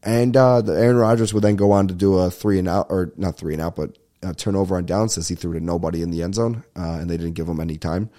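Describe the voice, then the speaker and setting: A young man hosting a casual solo podcast, ranting and telling a story in a profane, rambling, animated way. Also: low voice, fast, hardly any pauses. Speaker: podcast host. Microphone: podcast microphone at a desk.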